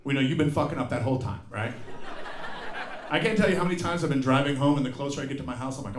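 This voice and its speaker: A man's voice: mid-range voice, quick pace, long pauses, noisy background. A man in his fifties doing a profane stand-up set, ranting in exasperation and mocking people with put-on voices. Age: 50s. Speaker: stand-up comedian. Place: live comedy venue with audience. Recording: roomy live venue with crowd laughter.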